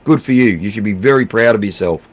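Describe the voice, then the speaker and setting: A man's voice: fairly low pitch, quick pace, slight background noise. A middle-aged Australian man hosting a livestream, reading out viewer comments in casual, blunt chat, swearing freely and calling everyone mate. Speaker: livestream host.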